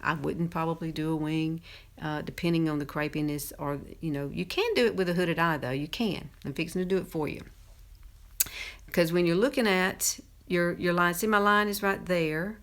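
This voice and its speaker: A woman's voice: fairly low pitch, normal speed. Chatty Southern woman in her fifties. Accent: Southern American. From Southern United States. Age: 50s. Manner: chatty, laughs often, talks while applying makeup. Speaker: makeup presenter. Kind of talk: casual makeup tutorial.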